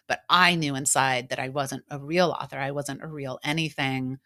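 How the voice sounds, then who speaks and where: Low-pitched woman, middle-aged, candid reflective chat, lively quoted asides, coach talking about her journey. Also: normal speed, hardly any pauses. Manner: candid, emotional, animated quotes. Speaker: coach and podcast host. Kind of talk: reflective casual conversation.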